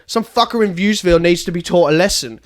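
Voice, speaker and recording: Voicing a blind and foul-mouthed woman who guides bus tours, a man speaks quickly in a high voice that is pushed down yet sounds natural. The storytelling podcast is comedic, and the irritated, scheming guide shifts from chirpy patter to furious swearing.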